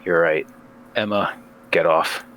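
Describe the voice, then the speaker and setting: A man voicing a stubborn grown man who refuses to abandon people, speaking low and grave. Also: steady tone, takes it slowly, fairly bright tone, slight background noise, rough recording. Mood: resolute. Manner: low, grave and set in his resolve.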